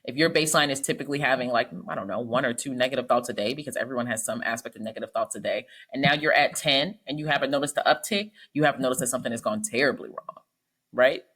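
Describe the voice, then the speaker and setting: Low husky-voiced woman, talks a mile a minute, casual advice chat. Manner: fast, animated storytelling. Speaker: psychologist.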